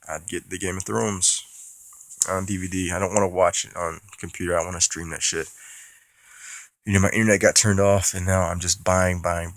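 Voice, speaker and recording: A man with a deep, gravelly voice and a stuffy nose chats loosely about his latest movie purchases, cursing and restarting as he goes. The sound is dry and close, with no room around him. He talks like he is hanging out with friends. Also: fairly bright tone, no room sound. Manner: casual and profane, rambling with restarts. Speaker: movie collector vlogger. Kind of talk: casual unboxing vlog.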